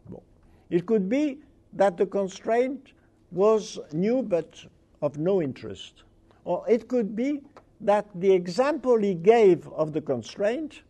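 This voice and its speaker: High-voiced guy giving a lecture, slow and halting, keeps hunting for words. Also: dark tone. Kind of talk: academic lecture.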